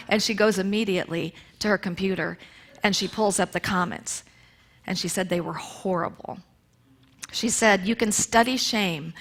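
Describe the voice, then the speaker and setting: Woman, church speaker, lively storytelling sermon, acts out quotes, middle pitch. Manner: animated storytelling, acting out quotes. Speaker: speaker at a Unity church service. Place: church sanctuary.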